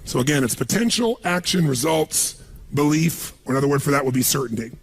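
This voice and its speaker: Raspy, gravelly motivational speaker. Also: male voice, on the high side, expressive, fairly quick. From United States. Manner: emphatic, calls on the crowd to answer. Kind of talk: live seminar speech to an audience.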